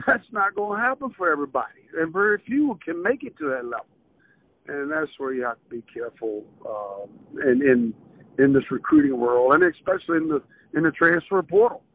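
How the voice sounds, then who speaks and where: Gravelly older man on a tinny phone line. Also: a little high, a little fast. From southern Maryland, USA. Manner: animated storyteller, acts out quoted voices. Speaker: retired basketball coach, guest. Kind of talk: casual storytelling interview.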